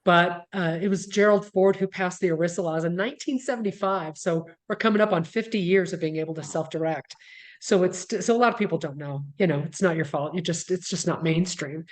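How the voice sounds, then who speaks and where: Middle-aged woman guest, fairly low voice, relaxed and explanatory, chatty. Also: brisk. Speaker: guest, company founder. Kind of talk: casual interview answers.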